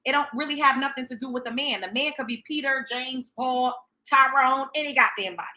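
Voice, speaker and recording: A young woman from Brooklyn, New York, hosts a show, telling a story in a blunt, profane, sassy way. Her voice sits high and bright, with a forceful tone and a fairly quick pace.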